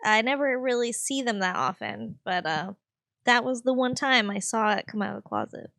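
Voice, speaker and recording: A woman's voice: a little high, normal speed, vocal fry, pushed and bright, dry recording. A woman, a podcast co-host, chatting playfully and laughing easily. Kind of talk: casual chat.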